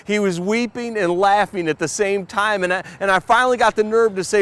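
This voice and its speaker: Man, preacher, sermon, earnest, stammers, high voice. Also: normal speed, a bit bright, clear, resonant tone.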